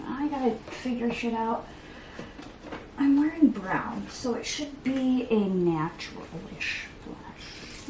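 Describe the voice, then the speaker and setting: Doing her makeup at home, this thirty-something beauty vlogger rambles through a chatty get-ready-with-me video, poking fun at herself and slipping in muttered or whispered asides. She speaks in a fairly high, sing-song voice, slowly and with long pauses, over background noise.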